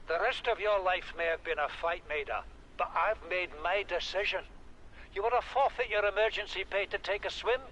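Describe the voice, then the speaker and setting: A man's voice: sits high, normal speed, bright, forceful tone, slight background noise, poor audio. An actor playing a stern chief and protective father in a video game voice log, speaking in a commanding way.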